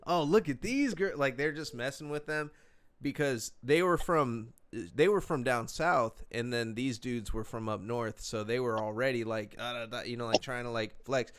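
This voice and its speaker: A man's voice: mid-range voice, normal speed, a bit bright, clean tone. A young man casually telling a story on a podcast, laid-back and profane, full of slang and fillers.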